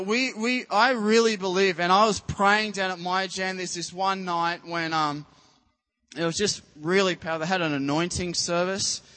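A man's voice: fairly high pitch, sharp tone, long reverb tail. A man preaching as a youth pastor in a church, earnest and rambling, with many restarts. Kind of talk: sermon.

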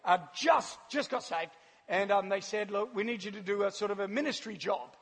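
Husky high-voiced New Zealand preacher. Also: male voice, moderate pace. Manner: animated storyteller, laughs often. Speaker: church speaker. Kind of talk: sermon with personal testimony. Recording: long hall reverb.

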